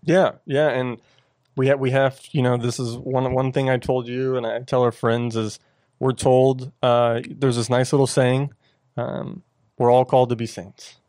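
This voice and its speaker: An earnest man chatting about his faith on a talk show. His voice sits at an ordinary pitch, and he often stops and restarts mid-sentence. The sound is dry and close, with no room around it. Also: little pitch movement, a little mellow, dry recording. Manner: earnest, halting with many restarts. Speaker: podcast co-host. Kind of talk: casual faith discussion.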